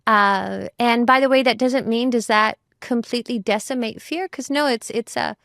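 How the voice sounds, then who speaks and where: A woman's voice: a little high, moderate pace, vocal fry, a bit bright, no room sound, studio quality. A woman who is a mother, talking as a guest in a reflective conversation, thoughtful and full of "you know" and "like" fillers.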